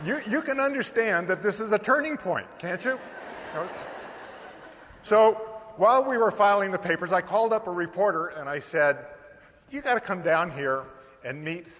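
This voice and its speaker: An older American man telling a lively anecdote to an audience, acting out the dialogue. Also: sits high, moderate pace. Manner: animated, acts out quoted dialogue. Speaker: storyteller speaker. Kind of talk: anecdotal storytelling talk. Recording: long hall reverb.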